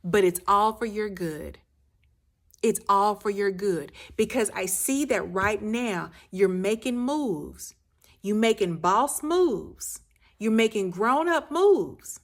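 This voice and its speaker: A woman life coach giving a motivational speech, repeating her phrases for emphasis and often dropping to a soft, low near-whisper. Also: animated, takes it slowly.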